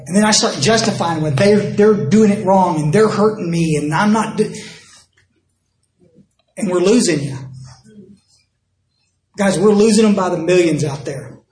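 An older Texan man gives a recovery talk in a dinner event hall, spinning folksy, self-mocking stories and playing both parts of every exchange. His voice sits high with a darkish tone, and he speaks unhurriedly with long pauses. The room is echoey.

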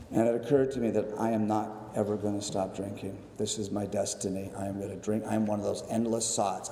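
A man telling his recovery story to a meeting, animated and acting out the voices of others, swinging between excitement and somber reflection. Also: on the low side, gravelly, a little hiss or hum. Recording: echoey hall, long reverb.

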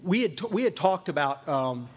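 A man's voice: a little high, big pitch swings, normal speed, slightly rough. A man speaking to a meeting audience as a recovery sponsor, emphatic and repeating phrases for emphasis. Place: meeting room with a live audience.

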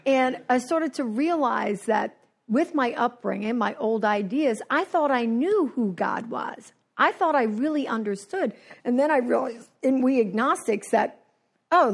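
Brief: woman, higher voice with a gravelly edge, animated storyteller giving a personal recovery share. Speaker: speaker sharing at a recovery meeting. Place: New Jersey.

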